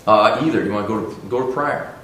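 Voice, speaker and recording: A man's voice: on the low side, fast, fairly bright tone. A man leading a Sunday school discussion in a conversational, emphatic way with frequent restarts. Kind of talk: discussion-led Bible class. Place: church classroom. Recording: echoey room, faint background noise.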